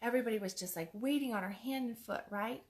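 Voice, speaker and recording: A woman's voice: fairly high pitch, fast. A woman life coach giving a chatty motivational talk, repeating her points for emphasis. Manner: chatty, acts out other people's words.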